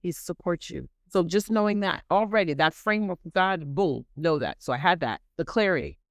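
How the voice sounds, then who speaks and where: Animated woman giving a faith talk. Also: fairly low pitch, fairly quick, dry recording, studio quality. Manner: animated and dramatic; earnest, repeats for emphasis. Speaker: podcast host.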